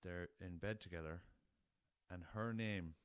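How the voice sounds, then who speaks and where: Young Irish male podcast host, deep voice, loose and jokey, swears a lot, dry recording. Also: unhurried, smooth, dry recording. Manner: laughing at his own jokes, swears freely, rambling. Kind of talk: casual solo podcast chat.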